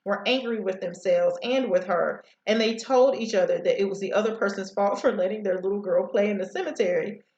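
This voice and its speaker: A woman's voice: medium pitch, brisk, hardly any pauses, darkish tone, roomy sound, muffled recording. A woman teacher reading a novel aloud to students over a headset, sometimes stumbling over words.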